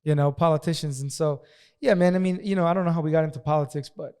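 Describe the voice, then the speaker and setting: Guy on a podcast, kinda high voice, cusses a lot, blunt and aggressive. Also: steady tone, fast, a little mellow, clean tone. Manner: blunt and profane, talks aggressively. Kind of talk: casual podcast conversation.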